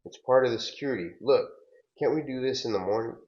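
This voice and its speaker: A man voicing a hurried, exasperated young woman, raising his voice above his usual register, on a dull recording. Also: mid-range voice, darkish tone, voice pushed up, lightly acted. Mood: flustered. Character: flustered young woman, art-world worker.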